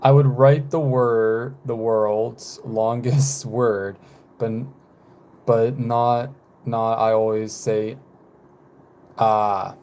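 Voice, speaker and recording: A man in his twenties, chatting casually on a live stream, rambling with frequent fillers and halting pauses. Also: medium pitch, flat delivery, mellow. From United States. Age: 20s.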